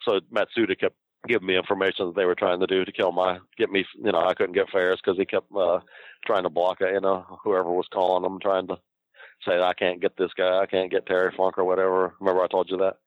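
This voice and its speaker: A low-voiced older man rattles off rambling, profane wrestling stories at a fast clip, often breaking into laughter. The recording is dull and lo-fi, with a dry, close sound and almost no room. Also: level tone, dry recording. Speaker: guest recounting wrestling career. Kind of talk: casual storytelling.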